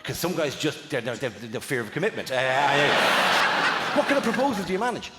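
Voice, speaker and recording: A man with an Irish accent doing stand-up crowd work, teasing an audience member in rapid banter full of swearing. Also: on the high side, sing-song, very noisy. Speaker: stand-up comedian. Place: large theatre. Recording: echoey live theatre recording. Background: loud audience laughter.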